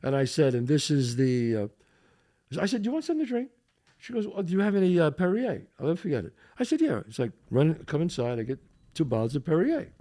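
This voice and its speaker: With a fast, slightly high voice, an older podcast host spins a story in casual chat. He's an animated storyteller who performs what each person said and laughs frequently.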